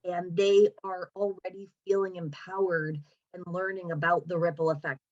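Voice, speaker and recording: Woman, hospice worker, slightly low voice, earnest, video call. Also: level tone, normal speed, lo-fi sound. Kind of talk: casual chat on a video call.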